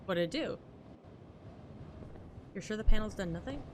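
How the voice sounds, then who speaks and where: A woman voicing a curious young woman explorer who speaks in a low, measured, musing way. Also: lively intonation, background noise, lightly acted.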